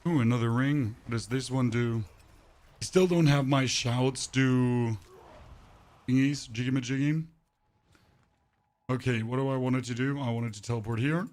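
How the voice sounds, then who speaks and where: In a relaxed livestream, a man plays a game and talks to his chat using a voice changer. His voice is mid-range and darkish, at normal speed with frequent pauses, and he rants opinionatedly, often tripping over what he says.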